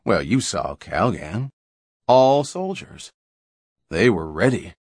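A man's voice: on the low side, very animated, slow, no room sound, clean studio sound, heavily acted. A man voicing a plump, fussy, good-natured older man in an audiobook, blustering in homely folksy talk. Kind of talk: audiobook character reading.

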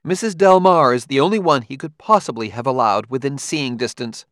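A man's voice: medium pitch, brisk, a bit bright, dry recording, studio quality, voice pushed up, close to an everyday voice. A man reading an audiobook, voicing a plump, scornful woman who taunts and mocks in a raised voice. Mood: cool, firm.

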